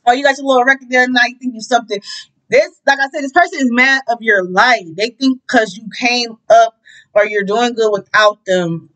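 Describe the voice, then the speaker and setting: High-voiced profane woman reading tarot. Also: brisk, rough recording. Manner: profane, animated, breaks into song. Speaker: tarot reader. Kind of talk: casual tarot reading with singing.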